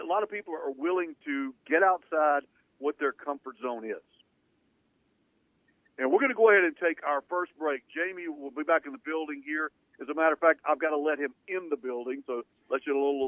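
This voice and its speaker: A sports talk radio host, a man with a slightly raised pitch, drives his points home in an emphatic, punchy way. The sound is thin and narrow like a phone line, with no room around it. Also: no echo. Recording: narrow phone-like band, dry.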